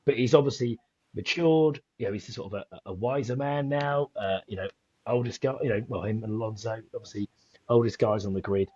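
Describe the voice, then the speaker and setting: A man co-hosting a casual racing podcast, rambling and animated, jumping into high voices when he quotes people. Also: a little fast, husky, no echo, muffled recording. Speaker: podcast co-host.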